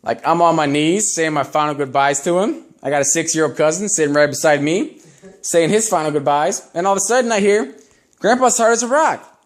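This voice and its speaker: A man's voice: fairly high pitch, brisk. A young man doing a stand-up set, telling crude stories in a rambling, profane way. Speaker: stand-up comedian.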